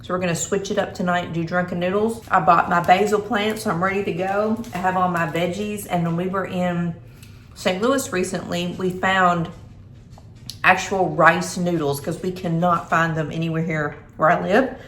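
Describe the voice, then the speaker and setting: A woman's voice: fairly low pitch, steady tone, normal speed, a bit bright, a little hiss or hum. A middle-aged woman, chatting casually to camera in her kitchen as a homey vlogger. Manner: chatty, homey, talks while snacking. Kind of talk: casual vlog chat. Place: home kitchen, indoors. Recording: echoey room.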